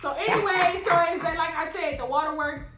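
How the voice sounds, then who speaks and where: Speaking a little fast in a very high pitch, this young vlogger from Louisiana tells a lively story and performs each character's voice. Her recording carries a roomy echo and faint background beats.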